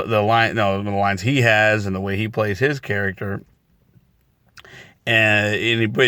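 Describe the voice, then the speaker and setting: A man's voice: a bit bright, no echo. Guy rambling about movies, lots of ums and restarts, dry close sound. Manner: rambling, many fillers and restarts; acts out quoted lines in a higher voice. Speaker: movie reviewer. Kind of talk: casual spoken review.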